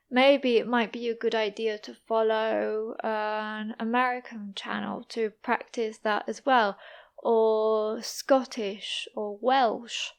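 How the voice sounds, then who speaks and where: Here an East Midlands woman, young and from that part of England, hosts a podcast where she teaches English. Her monologue is clear and leisurely, her pitch a touch high, and she pronounces every word with deliberate care.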